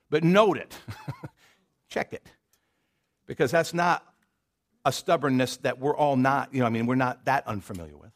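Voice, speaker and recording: A male pastor with a Southern American accent, preaching a casual, storytelling sermon full of asides and rhetorical questions. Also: high voice. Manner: conversational storytelling, frequent fillers and rhetorical questions.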